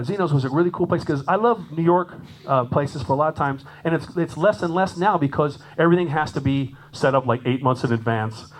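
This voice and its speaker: A man giving a lively, chatty clinic talk to a conference audience as a jazz drummer, laughing often and acting out quoted voices. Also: mid-range voice, low-quality recording.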